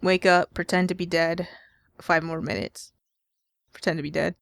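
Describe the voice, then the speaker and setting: A woman's voice: deep voice, steady tone, normal speed, creaky, slight background noise. A woman voicing a goofy, sleepy dad in a dating game, hamming up mock-dramatic lines.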